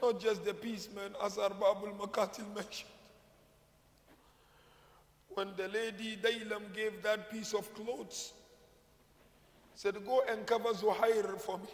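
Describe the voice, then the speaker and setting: A man's voice: sits high, steady tone, slow pace, long pauses. A man, a sheikh, giving a mournful sermon whose narration rises into chanted, wailing lament. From Kenya. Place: mosque or prayer hall. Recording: echoey hall, long reverb.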